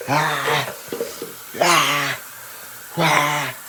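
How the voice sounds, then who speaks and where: A man's voice: extremely slow, pauses often, pushed and bright, slight background noise. A man in a casual vlog, groaning, swearing and whooping as spicy food burns his mouth, out of breath. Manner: swearing, breaks into high whoops. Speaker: vlogger.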